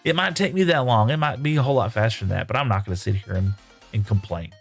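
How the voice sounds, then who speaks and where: A man's voice: mid-range voice, quick pace, vocal fry, soft background music. A man streaming live from his home room, reading viewer chat aloud and answering in a folksy, rambling way.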